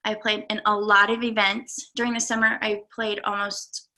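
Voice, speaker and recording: A young adult woman, a golf coach, giving an earnest, halting talk to her students with many pauses and fillers. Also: medium pitch, level tone, bright, forceful tone. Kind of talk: speech to students.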